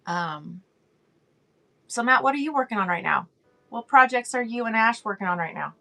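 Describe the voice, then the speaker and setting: A woman's voice: a little high, expressive, moderate pace, gravelly, sharp tone. Middle-aged woman, casual stream chat, laughs a lot, faint music. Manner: chatty, friendly, reads chat aloud, laughs often. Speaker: livestream host.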